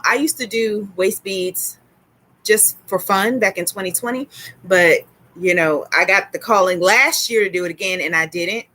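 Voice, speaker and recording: A woman hosting a casual tarot livestream, chatty and excitable, greeting viewers by name as she goes. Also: medium pitch. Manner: sprinkles in laughs and exclamations. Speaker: tarot reader and livestream host.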